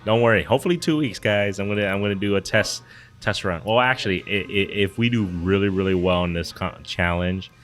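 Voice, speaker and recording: A man's voice: deep voice, a little fast, a bit bright. A man co-hosting a fishing podcast from a brewery, chatting casually with a rambling, laid-back manner. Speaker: podcast co-host. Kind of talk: casual chat. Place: brewery taproom.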